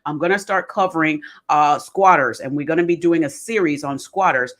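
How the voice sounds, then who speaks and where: A woman's voice: low-pitched, normal speed, fairly bright tone. A woman hosting a live talk show, greeting viewers and chatting casually. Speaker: host. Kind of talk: casual chat.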